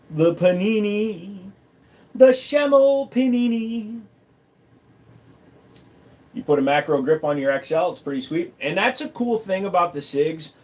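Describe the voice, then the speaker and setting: A man hosting a casual livestream, talking bluntly and profanely and rambling as he reads chat comments aloud. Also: on the high side. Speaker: livestream host.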